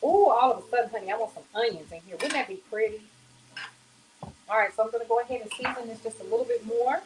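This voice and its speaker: A woman with a slightly high voice talks at a quick pace during a casual cooking demo in her home kitchen, addressing viewers as y'all and honey in a chatty, folksy way. The audio is poor, with a little hiss or hum.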